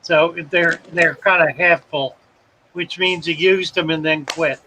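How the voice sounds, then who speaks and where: A man from South Carolina hosts a live stream in a relaxed drawl. His voice sits high and bright, and he talks slowly while chatting through viewer comments. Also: slight background noise, low-quality recording. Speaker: host of a live fish-keeping stream. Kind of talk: casual live-stream chat reading comments.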